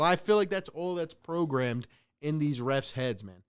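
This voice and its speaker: A man with a slightly high voice calls the game live in a loose, casual play-by-play. He is exasperated, groaning at the refs and speaking straight to his viewers. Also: expressive, takes it slowly, clean tone. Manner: exasperated, venting at referees and talking to the chat. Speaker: host of a live play-by-play reaction stream.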